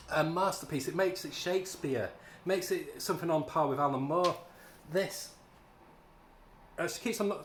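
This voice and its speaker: A man reviewing a comic in a sarcastic, exasperated rant. His voice sits a little higher than most men's. He is recorded in an echoey room with a faint hum behind him. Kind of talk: casual spoken review.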